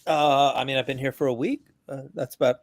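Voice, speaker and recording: A man's voice: fairly even intonation, brisk. A man, a veteran guest on a podcast, talking casually and bluntly, joking as his voice climbs while he rants, over a video call. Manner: blunt, joking, gets louder and higher as he rants.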